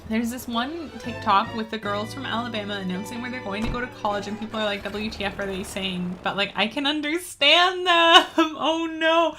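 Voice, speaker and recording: A woman's voice: a little high, moderate pace, few pauses, pushed and bright, faint music behind. A Canadian woman streaming a game, chatting casually in a rambling way with lots of fillers and easy laughs. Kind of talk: casual gaming stream chat.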